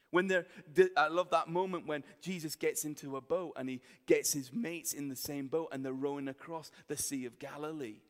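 A man preaching a sermon, telling the story in a lively, colloquial way and acting out the voices of the people in it. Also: on the high side, brisk, hardly any pauses. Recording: long reverb of a hall.

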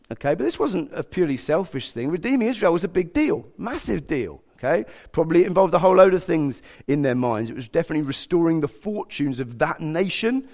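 A man delivers a sermon with a lively, swooping delivery and a gravelly edge to his voice. He talks conversationally and slips into voices to act out the quotes. His pitch sits on the higher side for a man. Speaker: preacher.

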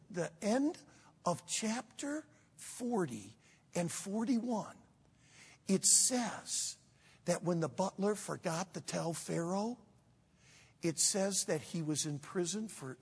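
A man preaching a sermon as pastor, telling a story in an animated way and acting out the quotes. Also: sits high, creaky, husky. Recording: long hall reverb.

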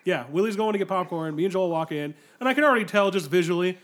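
A man's voice: high-pitched, fast. A man in his thirties chatting casually with friends, telling rambling stories with lots of fillers and swearing. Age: 30s. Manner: rambling storyteller, self-described non-confrontational. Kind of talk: casual chat.

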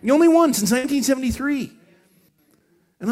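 Gravelly-voiced man preaching with lively asides. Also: very high voice. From Scotland. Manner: animated, storytelling preacher with quick asides. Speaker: pastor. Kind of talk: preaching at a live event.

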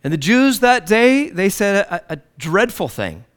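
A man preaching a sermon, swinging between loud declarations and low, hushed lines. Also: sing-song, measured pace.

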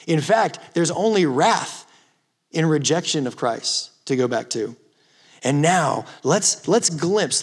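A man preaching a youth ministry sermon, rising from quiet storytelling to impassioned, emphatic exhortation. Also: a little high. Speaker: youth pastor. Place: church or youth hall.

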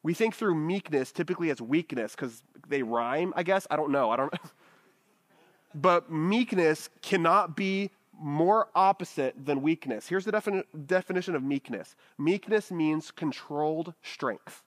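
A man preaching in an easy, conversational way, his voice sitting a little higher than most men's. He keeps turning to the room with quick "right?" check-ins as he works through the passage. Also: a bit bright. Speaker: pastor. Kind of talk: sermon.

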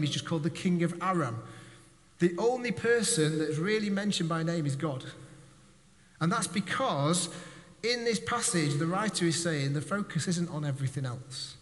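A man's voice: sits high, in a large hall. A male preacher giving a conversational sermon with jokes and direct questions to his congregation.

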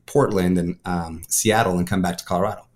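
Fast-talking man telling his testimony. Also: low-pitched, fairly even intonation. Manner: rapid storytelling full of repeated words and restarts. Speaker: pastor and guest. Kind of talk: casual spoken testimony.

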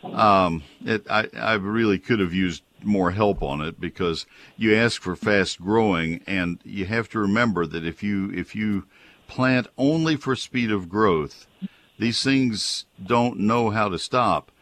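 A man hosts a call-in garden show from a radio studio. His voice sits very low and deep. He explains things patiently, with a polite, helpful manner toward each caller. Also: a little slow, a bit bright.

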